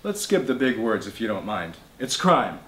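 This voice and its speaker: A man's voice: lowish voice, sing-song, normal speed, fairly bright tone. A man reading the part of a young adult grandson, a writer, dry and exasperated. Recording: roomy bookshop with faint noise.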